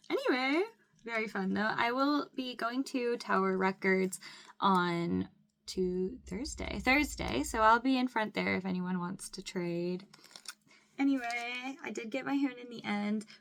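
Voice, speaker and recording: Gushing young woman with vocal fry. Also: medium pitch. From Mississippi. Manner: gushing, squeals and laughs often, says "like" a lot. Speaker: vlogger. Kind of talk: excited unboxing chat. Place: home room with window.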